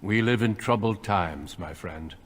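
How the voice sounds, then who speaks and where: An actor playing a serious veteran warrior recruiter in a video game, speaking in an earnest, measured, solemn way. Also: male voice, on the low side, slight background noise, natural voice. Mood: grave.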